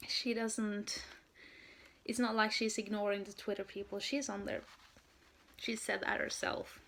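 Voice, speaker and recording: A young woman from Norway telling a story in a casual vlog, gushing and excited, with lots of "um" and "like". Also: mid-range voice, creaky. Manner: excited, gushing, many fillers. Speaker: vlogger, fan.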